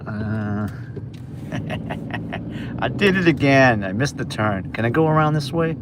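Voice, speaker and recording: A New York man livestreams his shifts as a delivery driver, chatting loosely with viewers from his car and a store on a phone camera. His mid-range voice is animated but slow, and he rambles chattily to chat amid background noise.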